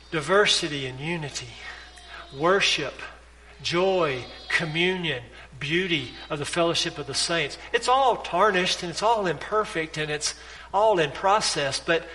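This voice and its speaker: Impassioned pastor preaching in a reverberant hall. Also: male voice, fairly high pitch, bright, forceful tone. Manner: pleading, impassioned preaching with repeated appeals. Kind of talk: sermon. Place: church sanctuary.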